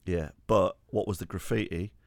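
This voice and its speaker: A man's voice: low-pitched, fairly even intonation, moderate pace, creaky, no echo. A man, hosting a podcast and joking through a casual chat. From north of England. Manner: laughing, jokey back-and-forth. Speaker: podcast host.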